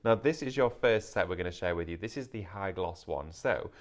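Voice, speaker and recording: A man's voice: deep voice, expressive, brisk. A man hosting a live craft shopping show, in an upbeat, salesy patter.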